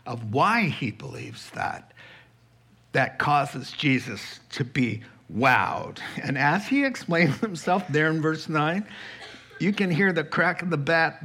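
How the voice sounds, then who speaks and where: A male preacher with a slightly high voice, delivering a sermon at a slow, deliberate pace. He acts out scripture scenes in dialogue and jumps into sudden raised, emphatic lines. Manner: animated, acts out biblical figures in dialogue.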